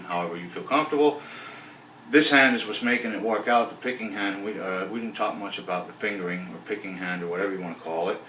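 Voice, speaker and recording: A man teaching a bass lesson in a relaxed, rambling way, counting beats aloud as he explains. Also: a little hiss or hum. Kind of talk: casual video lesson. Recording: roomy, voice from a distance off the mic.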